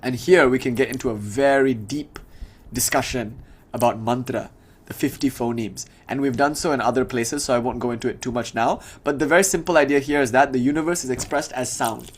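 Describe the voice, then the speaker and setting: A young man gives a relaxed, conversational lecture on a spiritual tradition, reciting terms in a classical language and explaining them. His voice is medium-pitched, slightly rough, and fairly quick.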